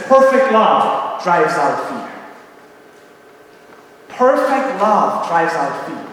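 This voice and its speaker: A man's voice: high-pitched, fairly bright tone, a little hiss or hum. A man preaching a sermon as pastor, earnest and personal, acting out little bits of dialogue. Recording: echoey hall, distant mic.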